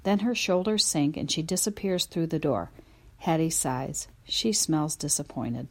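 A woman with a deep voice speaks a little slowly as she narrates a children's audiobook. She tells the story expressively in the first person, with lively energy, from a dog's point of view.

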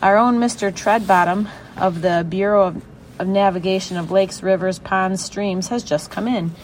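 A woman voicing an officious, muddled phone clerk in a storybook, speaking slowly and precisely. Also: medium pitch, fairly even intonation, a little hiss or hum. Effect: heard over a telephone in the story.

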